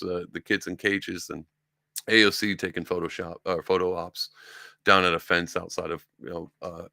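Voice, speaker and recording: A man's voice: low-pitched, gravelly, pushed and bright, dry recording, studio quality. A young man from upstate New York who hosts a podcast and rambles through casual political commentary, often mocking other people in put-on voices. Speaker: podcast host.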